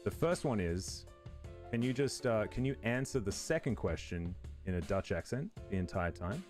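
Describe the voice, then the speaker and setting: A man's voice: on the low side, lively intonation, normal speed, darkish tone, soft background music. A man hosting an interview as a caster, playful and enthusiastic, laughing along. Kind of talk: casual interview chat.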